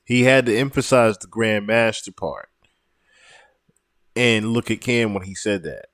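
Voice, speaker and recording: A man's voice: fairly low pitch, unhurried. A man giving casual, explanatory reaction commentary on a played clip. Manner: animated, explanatory.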